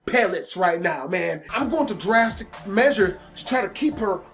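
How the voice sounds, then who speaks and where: A man telling a funny personal story for his vlog, animated and emphatic, swinging between loud outbursts and low mutters. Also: normal speed. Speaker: storytelling vlogger.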